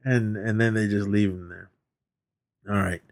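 A man's voice: on the low side, steady tone, measured pace. A man co-hosting a podcast, casually recapping a film, laughing often and acting out quotes as he rambles. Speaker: podcast co-host. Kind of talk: casual movie recap chat.

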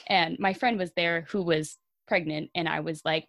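A young Canadian woman co-hosting a podcast, telling a story in a casual, animated way and laughing often. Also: lowish voice, normal speed, vocal fry, no room sound. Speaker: podcast co-host.

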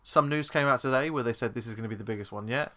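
A man's voice: medium pitch, racing, sharp tone. A man co-hosting a podcast in casual, sweary chat, rambling with restarts. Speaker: podcast co-host.

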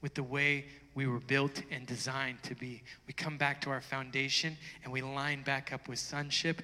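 A man preaching a sermon, chatty and plainspoken, then swelling into loud, fervent stretches. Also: medium pitch, flat delivery, normal speed, few pauses. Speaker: pastor. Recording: long reverb of a large hall.

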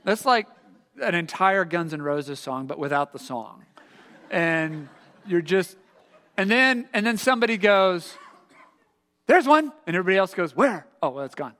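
A middle-aged man preaching a sermon, an animated storyteller who acts out the voices in his story. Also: high voice, normal speed, big-room sound. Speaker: pastor. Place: church sanctuary.

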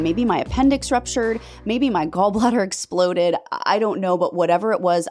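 A young adult woman telling an emotional personal testimony to her viewers, intense and dramatic, her voice jumping up sharply on emphatic words. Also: darkish tone. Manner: intense, dramatic storytelling with sudden pitch leaps when emphatic. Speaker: faith vlogger telling a personal story.

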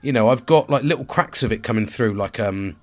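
A man's voice: medium pitch, a little fast, faint music behind. A man, stressed and tired, talking frankly to the camera in a rambling, sweary confessional monologue. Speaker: vlogger and father.

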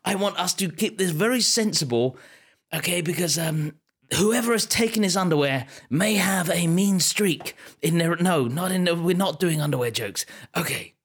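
A man's voice: fairly high pitch, slightly rough. A man hosting a podcast, improvising a comic story as a mock-serious documentary narrator, with frequent stumbles. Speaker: podcast host.

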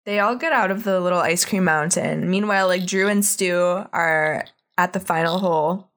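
A woman's voice: lowish voice, normal speed, a bit bright. A young woman co-hosting a casual podcast, retelling a cartoon episode with lots of "like" fillers and acted-out quotes. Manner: chatty, many "like" fillers, acts out quotes. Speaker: podcast co-host.

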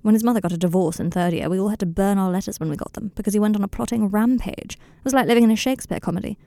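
A woman voicing an earnest, tender young male wizard in an audiobook reading of a fan story, speaking in a softly confiding, slightly rambling way. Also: mid-range voice, racing, creaky, no room sound, close to an everyday voice. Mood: wry.

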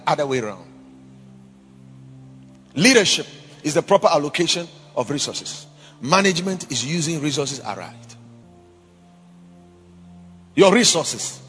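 Animated preacher with a ringing voice. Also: male voice, fairly high pitch, slightly rough, big-room sound. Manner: emphatic, swings between loud exhortation and quiet asides. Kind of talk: sermon. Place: church.

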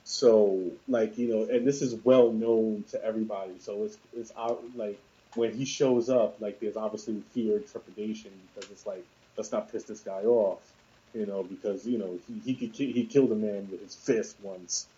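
Dark-voiced man rambling about films. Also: fairly low pitch, fairly even intonation, normal speed. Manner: rambling, many fillers and restarts. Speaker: podcast co-host discussing films. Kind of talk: casual chat. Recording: dull lo-fi sound.

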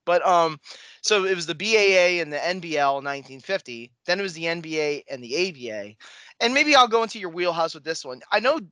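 Bright, slightly high man on a close dry mic, jokey rambling podcast host. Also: expressive, fairly quick, no echo. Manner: jokey, rambling, self-correcting. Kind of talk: casual sports podcast chat.

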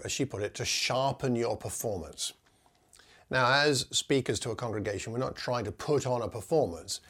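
A man teaching a class on preaching, speaking in an earnest, encouraging way and slowing down to read scripture passages aloud in a measured voice. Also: medium pitch, fairly bright tone. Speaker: preaching instructor. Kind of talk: teaching talk with scripture reading.

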